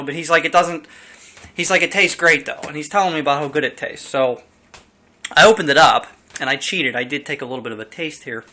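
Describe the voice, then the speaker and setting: Bright-voiced rambling young guy. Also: on the high side. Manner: rambling, chatty, lots of fillers. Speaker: beer reviewer. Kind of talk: casual home video review.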